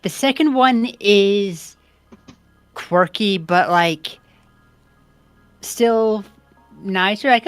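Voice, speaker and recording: Young woman rambling over a game stream, mid pitch voice, music playing faintly. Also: drawn-out words, pauses often, clean tone, dry recording. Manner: rambling and chatty, reading game text aloud. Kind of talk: casual gameplay commentary.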